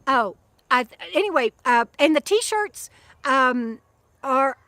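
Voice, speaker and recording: Speaking slowly in a high, expressive voice that's bright and forceful, a middle-aged woman chats casually on a livestream from her van campsite. She's a vlogger and author living in her van, and as she reads viewer comments she rambles, keeps restarting sentences and turns aside to dote on her dog. There's no room sound.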